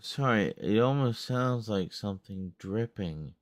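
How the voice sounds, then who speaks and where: A man's voice: fairly low pitch, expressive, a little slow, no echo. A man hosting a livestream, chatting casually with viewers, reading their messages aloud and laughing often. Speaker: livestream host.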